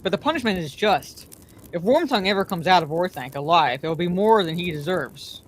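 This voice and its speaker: A woman's voice: fairly low pitch, lively intonation, a little fast, slight background noise, natural voice. A woman reading aloud, voicing an old male wizard who speaks sternly and with authority. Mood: grave. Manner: stern and commanding.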